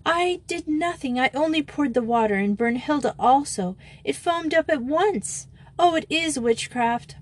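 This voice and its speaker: A panicky schoolgirl, put on by a woman reading aloud, her voice shooting up high as she wails and pleads. She is excitable and easily scared, the kind of child who believes in witchcraft. It is a storybook reading. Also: unhurried. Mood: frightened. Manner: wailing, high-pitched pleading. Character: frightened young schoolgirl, excitable.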